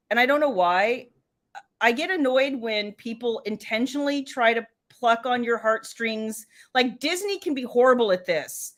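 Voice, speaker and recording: A middle-aged woman hosting a casual live stream, telling animated stories and acting out what people said. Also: a little high. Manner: animated storyteller, acts out quotes. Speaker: host, romance author.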